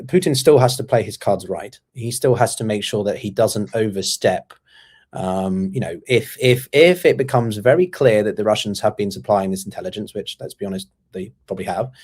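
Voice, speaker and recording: A man speaking as a guest analyst in a conversational way, measured but full of ums and restarts. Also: fairly low pitch, a little mellow. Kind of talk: conversational commentary.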